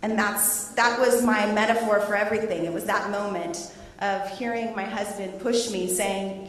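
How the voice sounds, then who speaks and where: Animated woman presenting in an echoey hall. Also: mid-range voice, normal speed, hardly any pauses, a little hiss or hum. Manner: animated, laughing storyteller. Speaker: teacher presenting her research. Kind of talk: presentation and Q&A to students.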